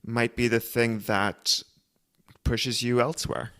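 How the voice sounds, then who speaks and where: A man hosting an interview, asking measured, thoughtful questions. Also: mid-range voice, level tone, a bit bright. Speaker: podcast host, interviewer. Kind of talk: casual interview.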